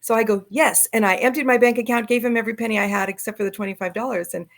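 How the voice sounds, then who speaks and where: A middle-aged woman from Southern California, a guest telling her travel stories in lively fashion over a video call. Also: on the high side, racing. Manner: lively storyteller acting out quoted voices. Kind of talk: storytelling in an interview.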